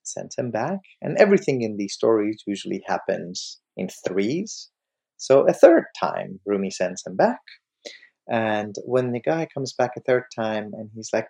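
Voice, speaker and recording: A middle-aged man speaks slowly and reflectively, as if teaching around a fire. His pitch moves a lot, and his voice is dark and gravelly. He tells stories and acts out the lines of the people in them. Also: big pitch swings. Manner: slow, storytelling, voices quotes with rising pitch. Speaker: host, scholar of Sufism.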